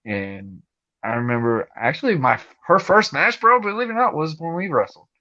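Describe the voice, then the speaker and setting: Bright-voiced man, casual podcast chat. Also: on the high side, animated, moderate pace, no echo. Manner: candid, talks in loose run-on sentences. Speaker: podcast host. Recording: dull lo-fi recording.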